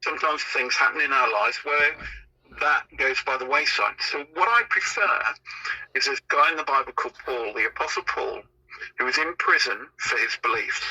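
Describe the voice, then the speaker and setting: Bright, husky-voiced man, rambling. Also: medium pitch, normal speed, rough recording. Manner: rambling and anecdotal, with frequent restarts. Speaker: podcast guest. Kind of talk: conversational podcast interview.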